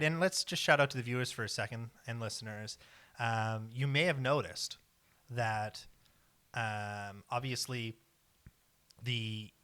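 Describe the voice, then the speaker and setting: A man's voice: on the low side, pushed and bright, clean tone. A man co-hosting a casual podcast, talking in a rambling, hesitant way with lots of ums. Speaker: podcast co-host. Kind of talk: casual chat.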